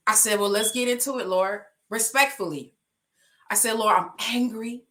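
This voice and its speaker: Woman coach, bright forceful voice, heartfelt emotional podcast testimony. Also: mid-range voice, expressive, moderate pace. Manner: heartfelt, emotional, rising to passionate pleading. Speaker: life coach.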